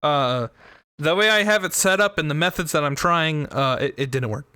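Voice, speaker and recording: A man's voice: fairly high pitch, moderate pace, bright, forceful tone, clear, resonant tone, no room sound, clean studio sound. Joking young man streaming a game. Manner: joking, rambling, swears freely. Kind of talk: casual gameplay commentary. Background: game music.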